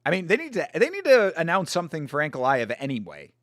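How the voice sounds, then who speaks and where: A man's voice: a little high, wildly swooping pitch, quick pace, a bit bright, no room sound, studio quality. A man hosting a fight watch-along livestream, chatting casually and rambling with restarts and the odd swear.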